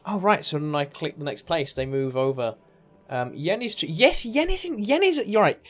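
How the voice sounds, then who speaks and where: A man's voice: on the high side, big pitch swings, normal speed, faint music behind. A man giving casual, rambling commentary while playing a video game, chatty and easily sidetracked. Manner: chatty, rambling, self-interrupting. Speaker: gaming streamer. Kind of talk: casual let's-play commentary.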